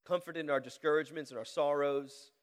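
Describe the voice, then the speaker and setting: A man with a head cold preaching a sermon, reading scripture aloud with a deliberately slowed cadence and praying. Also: a little high, fairly even intonation, in a large hall. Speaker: pastor. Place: church sanctuary.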